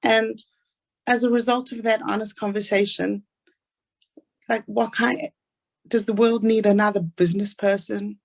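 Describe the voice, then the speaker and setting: A woman's voice: mid-range voice, steady tone, vocal fry. A woman with a South African accent giving an earnest, inspirational talk about her own life. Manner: earnest storytelling, fast asides. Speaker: speaker.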